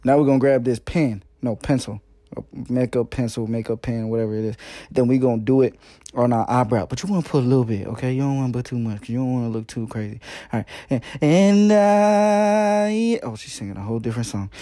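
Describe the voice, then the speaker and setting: A man's voice: mid-range voice, fairly even intonation, fast talker, warm tone, no echo. A man doing a comedic parody voiceover of a makeup video, playful and slangy, with joking asides.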